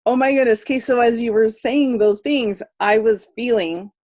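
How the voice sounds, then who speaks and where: A woman hosting a casual chat on a video call, speaking in a warm, affirming way. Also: a little high, normal speed. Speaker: host.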